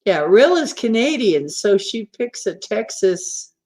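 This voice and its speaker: A woman's voice: medium pitch, very animated, a little slow, darkish tone. A woman hosting a casual livestream, chatting in a rambling, teasing way and laughing easily. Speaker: livestream host.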